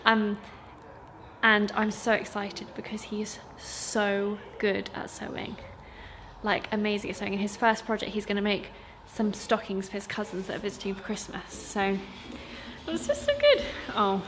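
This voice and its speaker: A woman's voice: medium pitch, completely flat delivery, moderate pace, background noise. A young woman who runs a sewing school, chatting casually to camera about her week. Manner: chatty, with many fillers. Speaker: sewing school owner and teacher. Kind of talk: casual vlog chat.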